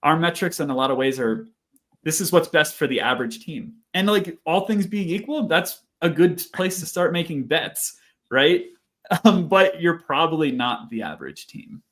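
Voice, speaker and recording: A man's voice: on the high side, normal speed. Reflective man giving an interview. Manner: reflective, often laughs softly between phrases. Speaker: guest researcher. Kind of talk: casual webinar interview.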